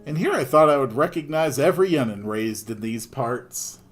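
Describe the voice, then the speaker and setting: A man's voice: mid-range voice, expressive, moderate pace, soft background music, close to an everyday voice. A man voicing a friendly, talkative older male shopkeeper with folksy, old-fashioned turns of phrase.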